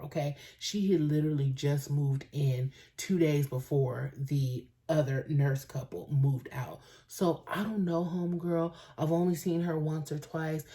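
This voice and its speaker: Low, mellow-voiced woman spilling gossip. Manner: animated gossipy storytelling, acts out quotes. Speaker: beauty vlogger. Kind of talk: casual storytime chat. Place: home, indoors.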